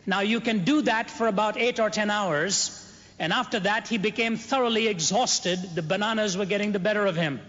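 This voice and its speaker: A man preaching, telling a humorous story in a measured, dry-humored way. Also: high-pitched, fairly bright tone. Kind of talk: sermon storytelling. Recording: dull, reverberant hall.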